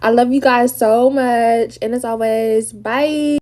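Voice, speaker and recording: A teenage girl, chatting through a get-ready-with-me storytime on a phone camera in a slangy, animated way. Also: fairly high pitch, takes it slowly. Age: teens. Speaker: TikTok creator. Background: TV playing.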